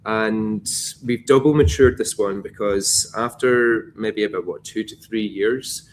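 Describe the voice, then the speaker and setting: Scottish brand ambassador, low register, easygoing rambling tasting talk. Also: male voice, a little slow, slight background noise. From Scotland. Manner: chatty, rambling with restarts and fillers. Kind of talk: casual tasting chat.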